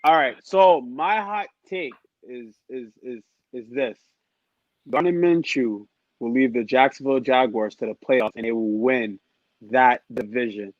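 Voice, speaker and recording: A man's voice: mid-range voice, measured pace, no room sound. Emphatic man on a dry, dull mic. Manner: laughs often, emphatic, teasing. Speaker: podcast co-host. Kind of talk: casual podcast chat.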